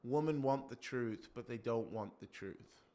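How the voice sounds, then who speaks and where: A male preacher giving an animated sermon, acting out quotes and breaking off to comment on himself. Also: medium pitch, measured pace. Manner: animated, acts out quotes, self-interrupting.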